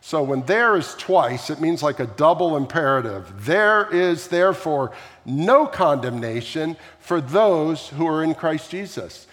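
A pastor with a fairly high voice preaches a sermon in a large sanctuary, where a long hall reverb rings after his words. Speaking a little slowly, he tells the story in an animated way and keeps tossing questions to the congregation.

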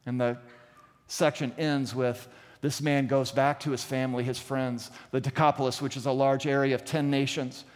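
A man's voice: medium pitch, fairly even intonation, brisk, big-room sound. A man preaching a sermon, asking rhetorical questions and retelling scenes with dramatic emphasis. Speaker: pastor.

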